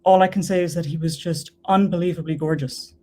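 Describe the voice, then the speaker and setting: An earnest woman from Ireland recounts her personal faith story. Her voice sits low for a woman. She leans on repetition to stress her points. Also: fairly even intonation, fairly quick, dark tone. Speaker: guest.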